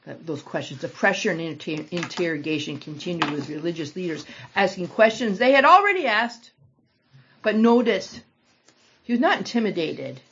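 A woman leading a small-group Bible study, reading scripture aloud and commenting with animated, dramatic emphasis. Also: lowish voice, normal speed, slight background noise. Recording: dull lo-fi recording.

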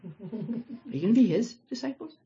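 A woman leading a small-group Bible study, reading scripture aloud and commenting with animated, dramatic emphasis. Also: on the high side, normal speed, slightly rough. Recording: dull lo-fi recording.

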